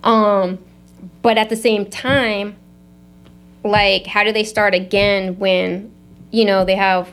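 A woman speaking as a guest in a casual conversation, animated, acting out other people's voices. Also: mid-range voice, slow pace, long pauses, clear, resonant tone. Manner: animated, acts out voices of clients.

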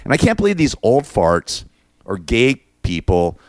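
A man's voice: medium pitch, huge pitch swings, a little slow, darkish tone, dry recording, studio quality. A man hosting his own show, ranting in a crude, sarcastic and mocking way. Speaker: show host. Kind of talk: ranting monologue.

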